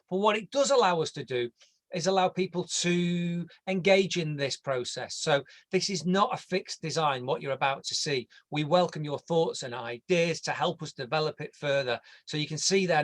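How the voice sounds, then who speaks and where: In an online presentation, an English man guides viewers through a landscape design. His voice is somewhat high for a man, and he keeps things casual, jokey and conversational, occasionally stumbling over a word.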